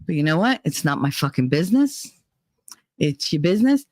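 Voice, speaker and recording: A woman's voice: low-pitched, sing-song, moderate pace, a little mellow, no room sound. A woman hosting a casual livestream chat, venting bluntly and swearing heavily as she talks. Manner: profane, heated and blunt. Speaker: livestream host.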